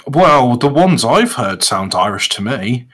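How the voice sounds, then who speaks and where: A man's voice: medium pitch, big pitch swings, measured pace, a bit bright. Rambling man co-hosting a podcast. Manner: rambling, stammering restarts. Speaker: podcast co-host. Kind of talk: casual banter.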